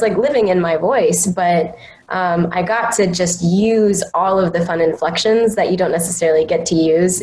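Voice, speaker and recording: A woman voice actor talks through an interview answer, rambling and casual, with "like" scattered throughout. Her voice sits at a middling pitch. The recording is roomy and echoey, with faint music underneath. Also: a little mellow. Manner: rambling, full of "like" fillers.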